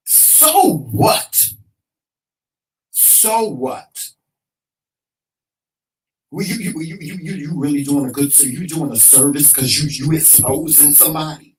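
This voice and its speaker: A man co-hosting a talk show, frustrated and emphatic, hammering the same points with a preacher-like cadence. His voice sits slightly high, and he sounds a step back from the microphone. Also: animated, slow, long pauses, distant mic, slight background noise, low-quality recording. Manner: emphatic, repetitive, swears freely, preacher-like cadence. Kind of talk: heated casual talk show rant.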